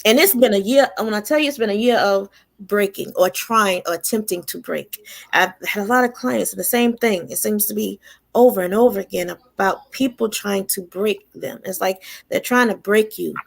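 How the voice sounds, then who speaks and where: A woman tarot reader talking casually on a radio show, animated and affirming, often laughing. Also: mid-range voice, moderate pace, gravelly.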